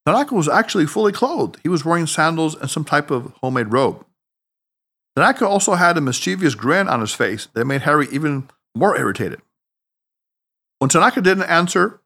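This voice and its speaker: A male audiobook narrator telling a story with dramatic expression. His voice sits a little high for a man and swings widely in pitch as he reads. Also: pushed and bright.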